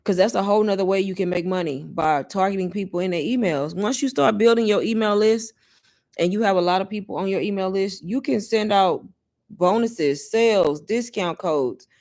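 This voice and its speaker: A woman's voice: medium pitch, moderate pace, a little mellow. Chatty woman hosting a live Q&A. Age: adult mother. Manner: chatty, addresses viewers as y'all, laughs often. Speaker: livestream host answering viewer questions. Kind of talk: casual live Q&A chat.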